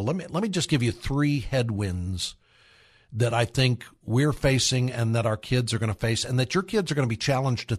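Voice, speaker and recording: A middle-aged man with a mid-range, breathy-edged voice hosts radio talk, earnestly pressing parents to act. Repetition runs through his speech, along with quotes he acts out in character.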